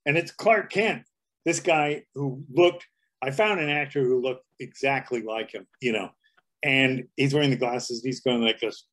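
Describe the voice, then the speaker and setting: A man's voice: mid-range voice, unhurried, a bit bright. An older man telling comedy anecdotes as a guest, jumping into character voices as he goes. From Canada. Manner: storyteller who jumps into character voices. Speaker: comedy writer and performer, guest.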